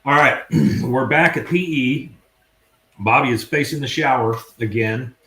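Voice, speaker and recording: A man hosting a podcast recaps an episode scene by scene. He tells it in an animated way and chuckles often. His voice is mid-pitched, and the recording is echoey and roomy. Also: unhurried. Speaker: podcast host. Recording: echoey room.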